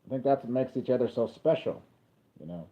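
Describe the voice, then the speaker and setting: A man livestreaming his casual, rambling reaction to a wrestling event, breaking into sudden excited calls of the action. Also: mid-range voice, brisk. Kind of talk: casual live reaction commentary. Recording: tinny phone-like lo-fi audio.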